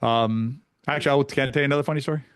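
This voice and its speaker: A man, a pickleball coach, telling stories in a casual podcast chat, animated and full of restarts. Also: medium pitch, smooth, no echo, clean studio sound. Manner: fast, animated storytelling with many restarts.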